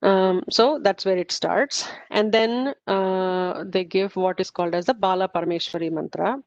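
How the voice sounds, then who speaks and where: Teaching a study group informally, this woman walks through the material step by step, often using fillers and correcting herself. She speaks a little slowly at medium pitch with fairly even intonation, and the recording is slightly muffled and dull with no room sound.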